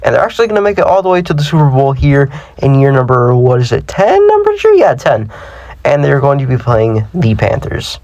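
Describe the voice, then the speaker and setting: A man's voice: medium pitch, fairly quick, darkish tone, no echo. Young man, casual game commentary, stumbles over words, dry close recording. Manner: chatty, self-deprecating, stumbles over words. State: slightly sick. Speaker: gaming channel host. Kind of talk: casual sports-sim commentary.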